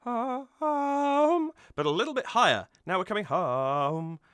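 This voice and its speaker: A man's voice: sits high, big pitch swings, rapid-fire, sharp tone, dry recording, clean studio sound, faint music behind. A man reacting to and analysing a song cover, gushing with delight and humming bits of melody to explain it. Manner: gushing, hums and sings snippets to explain. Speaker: music reaction YouTuber. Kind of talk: enthusiastic musical analysis.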